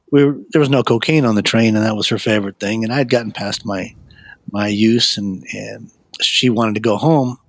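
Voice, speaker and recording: A middle-aged man, a guest, telling his life story in a rambling, animated way, with many fillers and restarts. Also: no echo. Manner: animated, acts out quoted voices with a raised pitch. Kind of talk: personal storytelling.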